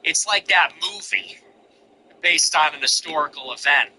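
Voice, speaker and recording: A man's voice: a little high, unhurried, bright, forceful tone, slight background noise, poor audio. A man hosting a commentary show, ranting contemptuously in repetitive, emphatic lists. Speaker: show host. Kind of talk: political commentary monologue.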